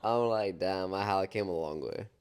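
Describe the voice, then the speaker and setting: A man's voice: low-pitched, moderate pace, darkish tone, clear, resonant tone. A young man chiming in on a casual podcast, laid-back and slangy, adding to his partner's story. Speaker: co-host, partner. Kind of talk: casual chat.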